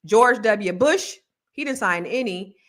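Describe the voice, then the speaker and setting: A woman's voice: medium pitch, expressive, slow pace, fairly bright tone. A woman moderating a panel discussion, talking loosely and slangily with lots of restarts.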